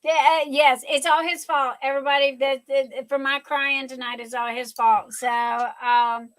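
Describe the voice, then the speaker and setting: A woman's voice: high-pitched, flat delivery, a bit bright, low-quality recording. An older woman hosting a live stream, chatting casually and gushing emotionally. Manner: gushing, emotional, drawn-out speech.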